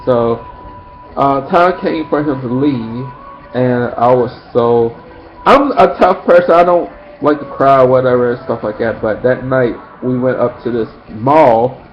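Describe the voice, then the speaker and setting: A man telling a personal story in a casual, rambling way, acting out friends' lines in shrill high voices. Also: measured pace. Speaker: vlogger. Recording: dull lo-fi sound with faint background noise.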